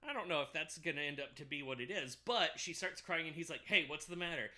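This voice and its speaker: A man's voice: a little high, fast, few pauses. A man co-hosting a podcast, casually retelling a film's plot and acting out the characters' lines with laughs. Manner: animated retelling with acted-out quotes and laughs. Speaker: podcast co-host. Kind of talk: casual movie recap chat.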